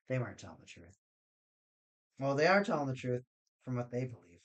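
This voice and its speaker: A man's voice: medium pitch, very animated, a little fast. A man chatting casually on a live stream while building card game decks, rambling and joking with his chat.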